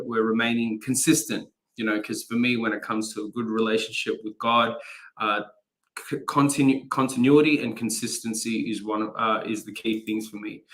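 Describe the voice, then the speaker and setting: A man's voice: mid-range voice, fairly bright tone. A young man, a chaplain, giving a casual live-streamed daily devotion through a phone or laptop mic, chatty and rambling, with plenty of fillers and laughter. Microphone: phone or laptop mic, no studio setup.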